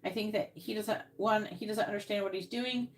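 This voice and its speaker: A woman's voice: mid-range voice, fairly even intonation, fairly quick, slight background noise. A woman giving psychic readings on a live stream, talking casually and rambling with many restarts, into earbuds.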